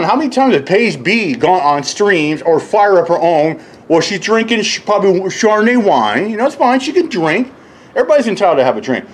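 A man ranting casually and profanely, rambling and mocking others, often laughing and mimicking them in high voices. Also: slight background noise. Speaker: YouTube commentator. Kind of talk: casual rant.

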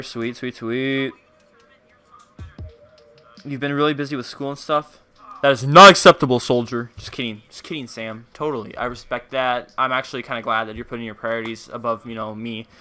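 A man's voice: mid-range voice, bright, forceful tone. A young man streaming a game, chatting casually and playfully, greeting viewers by name. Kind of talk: casual live-stream chat while gaming.

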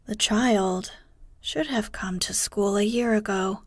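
A woman's voice: mid-range voice, takes it slowly, no room sound. Woman reading an earnest old village pastor.

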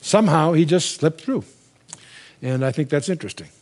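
A man's voice: fairly high pitch, expressive, a little mellow. Older man teaching the Bible. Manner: conversational, quotes scripture slowly with emphasis, asks the audience questions. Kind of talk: recorded Bible lecture.

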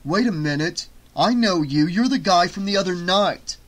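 A man voicing a loud, blustering, hot-tempered young man in an audiobook. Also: on the high side, lively intonation, moderate pace, breathy edge. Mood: angry. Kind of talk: audiobook character voice.

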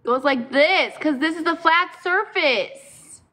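A woman's voice: sits high, animated, slow pace, sharp tone. A woman at home, a mother talking to her young son while trying to assemble furniture, patient at first and growing tired and frustrated. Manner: patient, then frustrated and weary. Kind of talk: casual home vlog. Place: home, indoors.

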